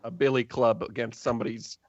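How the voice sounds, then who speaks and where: A man's voice: medium pitch, little pitch movement, brisk, no room sound. A man narrating a tabletop game as game master, loose and chatty, laughing often, in a dull, dry recording.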